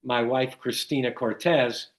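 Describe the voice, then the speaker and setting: An older man from Chicago tells his stories as a guest in an interview. He talks casually and with animation, acting out the people he quotes. His pitch sits in a middling range. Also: unhurried, rough recording. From Chicago, USA. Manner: animated storyteller who acts out quoted dialogue. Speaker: guest, cycling race announcer.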